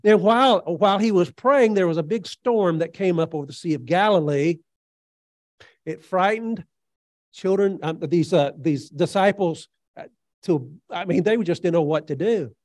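A man preaching a sermon in an earnest, halting way, with frequent fillers, retelling scripture as a story. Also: high voice, darkish tone, no room sound, clean studio sound.

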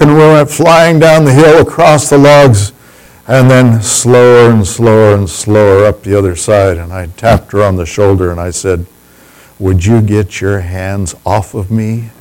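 A man's voice: medium pitch, fairly even intonation, moderate pace, smooth, poor audio. A man telling a personal story in a folksy, humorous, teasing way.

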